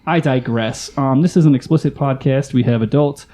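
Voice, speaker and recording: A man's voice: medium pitch, normal speed, warm tone, a little hiss or hum. A man hosting a comedy podcast, joking and swearing in casual banter. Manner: irreverent, profane, joking. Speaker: podcast host.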